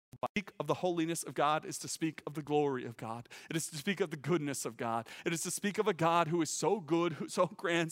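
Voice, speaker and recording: A man preaching a sermon as teaching pastor, earnest and emphatic, often repeating words as he starts a phrase and rising to loud peaks. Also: fairly high pitch, in a large hall.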